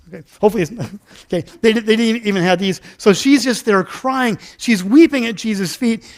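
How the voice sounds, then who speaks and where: A male pastor giving a casual, interactive sermon in a church, chatty and self-deprecating, acting out a Bible story with volunteers. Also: high voice. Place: church sanctuary.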